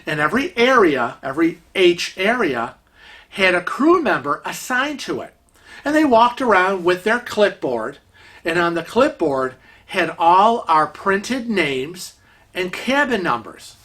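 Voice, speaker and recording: Slow-talking man telling a bright-voiced story. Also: high voice, big pitch swings. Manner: chatty, exasperated, acts out quotes. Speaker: vlogger. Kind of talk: casual storytelling.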